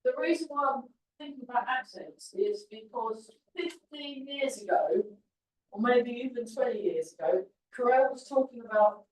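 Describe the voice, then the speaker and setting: A woman's voice: high-pitched, animated, measured pace. A woman teaching a tai chi class, chatty and encouraging as she talks through the moves. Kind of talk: teaching a class while demonstrating. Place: large roomy class hall. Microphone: camera at a distance. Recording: echoey hall from far off.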